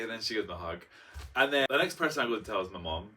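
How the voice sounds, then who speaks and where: A man's voice: fairly low pitch, lively intonation, racing, sharp tone. A young man telling a personal story in a chatty, dramatic vlog style, full of fillers and acted-out quotes. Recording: voice a bit far from the mic.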